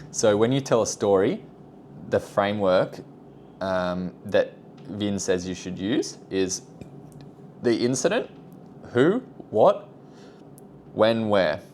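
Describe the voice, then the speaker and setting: Low-voiced young man rambling casually. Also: a little mellow, slight background noise. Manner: rambling, self-deprecating, trails off into asides. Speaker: vlogger. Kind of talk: casual self-improvement vlog.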